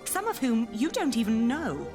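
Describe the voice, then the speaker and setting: An actress playing the sensible younger sister of a knight in a story game, reasoning and pleading. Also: female voice, fairly high pitch, huge pitch swings, moderate pace. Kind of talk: game voice acting. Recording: game audio with loud music.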